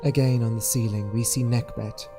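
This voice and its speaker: A man reading measured, informative documentary narration. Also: mid-range voice, fairly even intonation. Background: music.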